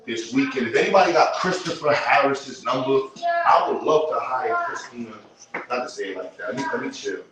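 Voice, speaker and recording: A man's voice: mid-range voice, lively intonation, brisk, crowd noise. A man hosting a livestream, ranting in blunt street slang, rambling and heated. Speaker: livestream host. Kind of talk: casual livestream rant. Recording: roomy, with loud background noise.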